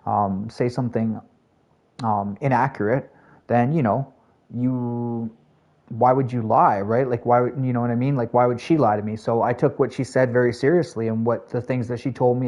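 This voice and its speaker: A man streaming a shooter game, chatting casually with his viewers in a rambling, filler-heavy way that jumps to excited highs. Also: moderate pace. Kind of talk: casual live-stream gameplay chat.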